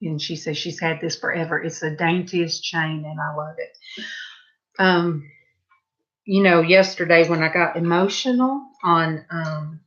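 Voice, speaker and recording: A woman's voice: lowish voice, fairly bright tone, dull audio. A middle-aged woman with a Southern US accent chatting casually to her viewers while she paints, rambling and chatty with asides. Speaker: painting livestream host.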